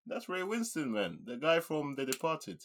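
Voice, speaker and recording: A man's voice: fairly high pitch, sing-song, normal speed. A man co-hosting a casual film review chat, laughing often and acting out quotes. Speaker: podcast co-host.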